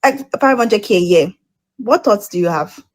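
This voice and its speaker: A woman calling in to a dating show, insistent and defensive, rushing her words in bursts with restarts. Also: mid-range voice, expressive, reverberant. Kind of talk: defensive live-stream call.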